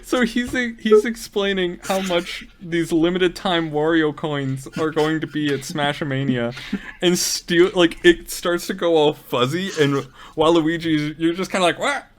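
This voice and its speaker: Slow-talking man running a tabletop game. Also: fairly high pitch. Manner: loose, filler-heavy retelling with many ums and likes. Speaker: game master.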